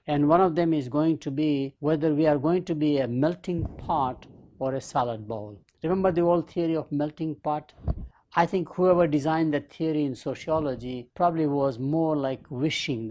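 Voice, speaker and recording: A man's voice: fairly high pitch, darkish tone. A man lecturing on a leadership podcast, explaining ideas through everyday analogies and rhetorical questions. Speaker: business professor hosting a leadership podcast. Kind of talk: lecture-style podcast monologue.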